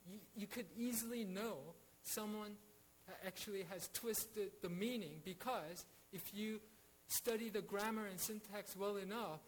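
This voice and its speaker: A man's voice: sits high, fairly even intonation, a little slow, slight background noise, rough recording. A man teaching a Bible study in an earnest way, with frequent restarts and rhetorical questions.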